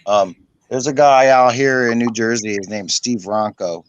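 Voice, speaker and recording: Rambling, swearing host on a dry mic. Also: male voice, mid-range voice, moderate pace, no room sound, dull audio. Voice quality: rambling, swears casually, many fillers. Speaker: host of an online hangout stream. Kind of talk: casual chat.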